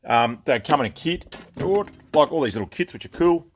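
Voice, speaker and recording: A man's voice: fairly high pitch, expressive, moderate pace. An Australian man hosting a casual live stream from his gun shop, rambling and greeting viewers by name, tired after a long day. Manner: laid-back, rambling, greets viewers by name with lots of fillers. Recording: noisy background.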